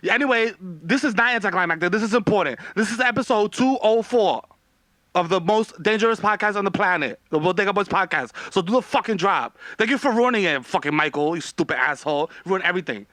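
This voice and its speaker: A man doing a boastful, messy young woman, pitched high and bright as she holds court on a livestream. The sound is dry and close, with no room around it. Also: expressive, brisk, no room sound. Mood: scornful. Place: home.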